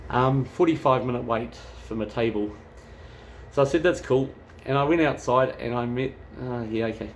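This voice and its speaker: A travel vlogger chats casually, rambling and swearing freely. His voice is medium in pitch at a moderate pace, with a little hiss or hum in the recording.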